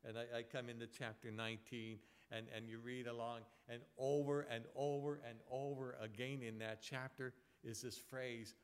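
A male pastor preaching a sermon, emphatic, repeating words and dropping from loud points to quiet asides. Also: mid-range voice, level tone, normal speed, hardly any pauses, clear, resonant tone.

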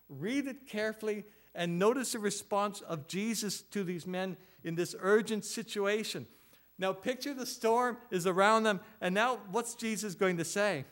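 Male pastor, slightly high voice, earnest sermon delivery, rhetorical questions, repetition. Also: fairly bright tone. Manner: earnest, rhetorical questions, repeats phrases for emphasis. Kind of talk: expository sermon.

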